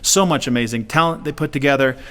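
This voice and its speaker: A man's voice: mid-range voice, quick pace, sharp tone, clean tone. A man co-hosting a live stream, giving thanks and pointing viewers to a donation link in upbeat banter. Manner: upbeat, scripted banter with a partner. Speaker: co-host. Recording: long reverb.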